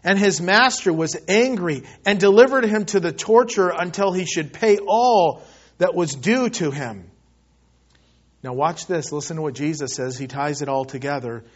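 High-voiced preacher swinging loud and hushed. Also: male voice, normal speed, slightly rough, lo-fi sound. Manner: preaching with big swings from loud pleading to soft hushed lines. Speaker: pastor. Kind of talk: sermon.

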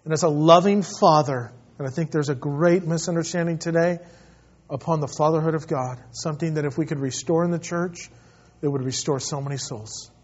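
A man with a high voice delivers an impassioned sermon. He drops to hushed pleading, then rises to loud, ringing declarations. The recording sounds a little dull and muffled. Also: a little fast. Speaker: pastor.

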